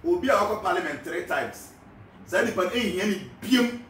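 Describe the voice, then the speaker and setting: Ghanaian male live host, high voice, rhetorical and animated, faint background noise. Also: moderate pace. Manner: animated, switches between Twi and English, asks rhetorical questions. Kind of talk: casual political commentary. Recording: echoey, far from the mic, faint background noise.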